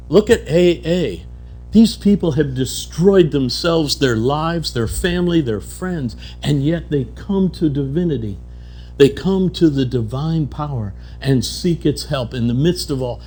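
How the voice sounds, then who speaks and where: A man's voice: on the high side, a little slow, darkish tone, breathy edge, faint music behind. A man giving a keynote at a conference, telling mystical stories and acting out the characters in them. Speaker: keynote speaker. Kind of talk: spiritual storytelling lecture. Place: conference hall.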